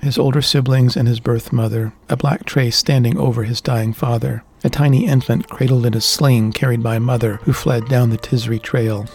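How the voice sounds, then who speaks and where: A man narrating a fantasy audiobook in a steady, deliberate reading style. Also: mid-range voice, vocal fry, a little hiss or hum.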